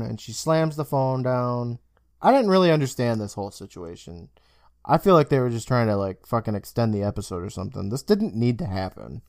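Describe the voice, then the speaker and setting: Recapping a TV episode in relaxed chat, the young podcast co-host animatedly acts out the characters' lines. He speaks at a moderate pace in a mid-range voice. It's a dry recording with clean studio sound.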